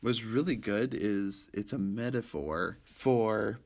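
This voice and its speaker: A young man co-hosting a podcast, chatting casually and excitedly about movies, rambling and laughing often. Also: fairly low pitch, slow pace. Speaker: podcast co-host.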